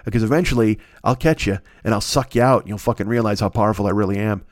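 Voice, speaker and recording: Swearing nonstop, a man hosting a podcast races through a rambling, comedic monologue that keeps tripping over itself while he recovers from a cold. His voice is on the low side and quick. The recording is studio quality and echo-free.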